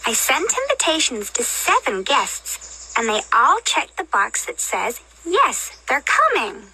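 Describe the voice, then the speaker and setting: A woman voicing a bossy young girl bunny, the big sister in a children's cartoon, bright and sing-song. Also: high-pitched, huge pitch swings, unhurried, breathy edge, full character voice. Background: cartoon background music.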